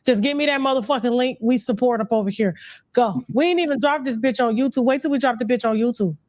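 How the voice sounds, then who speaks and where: A woman's voice: on the high side, quick pace, a little mellow, no room sound. A woman hosting an uncensored interview, brash and profane. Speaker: host.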